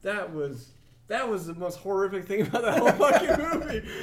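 A high-pitched man in his thirties runs a casual podcast chat in a bossy, joking way, swearing constantly. Loud crowd noise and chatter fill the background. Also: sing-song, fairly quick. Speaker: podcast host.

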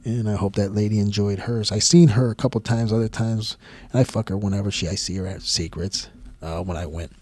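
Blunt, profane man with a low voice. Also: fairly even intonation, brisk, a little mellow, no echo. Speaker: podcast host. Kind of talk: casual storytelling.

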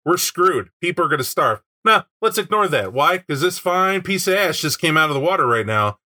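Guy chatting about a game book, bright punchy voice, keeps doing little voices for the characters. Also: on the high side, brisk. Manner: animated, acts out quotes in put-on voices. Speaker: podcast co-host discussing a tabletop game book. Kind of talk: casual chat.

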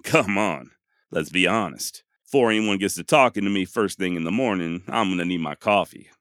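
A man's voice: on the low side, fairly bright tone, dry recording, clean studio sound. A man narrating Old West history in a scripted storytelling style, folksy and wry with salty asides.

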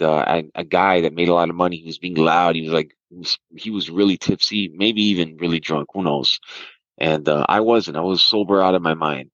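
Man, very low voice, dry dull recording, rambling market talk. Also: no room sound. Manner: rambling, animated, restarts a lot. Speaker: podcast host and stock trader. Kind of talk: casual market talk and storytelling.

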